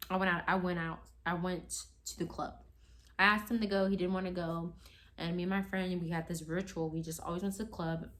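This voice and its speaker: A woman's voice: fairly low pitch, fairly bright tone. A woman telling a personal story in a casual, rambling way, full of "like" and "you know", and acting out what others said. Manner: acts out quoted lines in a raised voice. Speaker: storytime vlogger.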